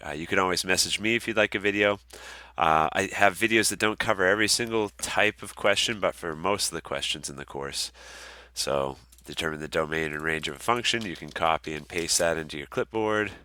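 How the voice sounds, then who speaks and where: A young man with a very low, bright-edged voice, walking students through an online course in a casual, relaxed way full of ums and uhs. He sounds like an instructor talking into a computer mic. The sound is dry and close, with no room echo. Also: brisk, hardly any pauses, smooth. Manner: relaxed, many ums and uhs, friendly asides. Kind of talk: casual recorded course walkthrough.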